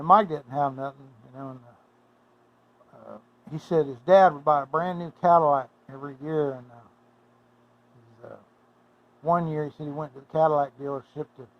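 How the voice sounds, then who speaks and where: A man spins a casual, rambling yarn, full of halts and restarts. His voice sits somewhat high for a man. The recording is dull and lo-fi. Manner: rambling, halting, folksy. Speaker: storyteller. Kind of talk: casual folksy storytelling.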